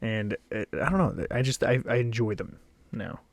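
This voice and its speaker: A man's voice: on the low side, lively intonation, moderate pace, gravelly, dry recording. A young man rating snacks in a casual solo video, rambling and self-deprecating, with blunt verdicts and a slightly out-of-breath delivery. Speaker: snack reviewer.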